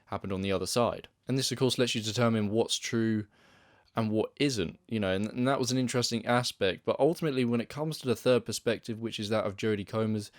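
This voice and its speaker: A man's voice: on the low side, fast, dry recording, clean studio sound. A young man giving a casual film review, rambling and hesitant with lots of restarts and fillers.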